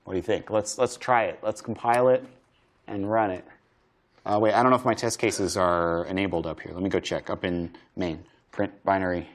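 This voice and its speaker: A man with a low, fairly even voice speaks a little fast during a university programming lecture. Live-coding, he thinks aloud in a casual, chatty way, with frequent fillers and restarts.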